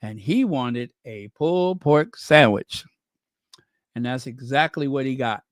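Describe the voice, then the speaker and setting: A man's voice: mid-range voice, a little slow, no echo, clean studio sound. A man doing casual commentary, sarcastic and chatty, tossing out rhetorical questions and wry asides. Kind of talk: casual chat.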